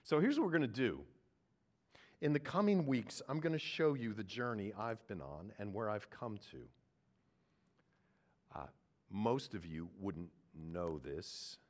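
A man's voice: lowish voice, animated, unhurried, pauses often. Emphatic preacher man. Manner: earnest, swings from quiet reflection to loud emphatic preaching. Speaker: pastor. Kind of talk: sermon.

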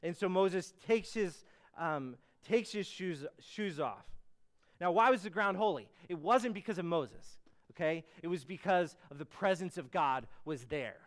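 Male preacher, clear ringing tenor-ish voice, earnest conversational sermon with emphatic peaks. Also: sits high, animated, a little slow. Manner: earnest teaching, rising to emphatic bursts on key words; frequent fillers and restarts, conversational asides.

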